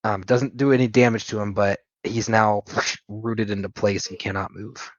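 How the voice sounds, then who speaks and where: Low-voiced man narrating a tabletop game. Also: fairly even intonation, no room sound. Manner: descriptive, unhurried narration with hesitations. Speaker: game master. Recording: dull lo-fi dry sound.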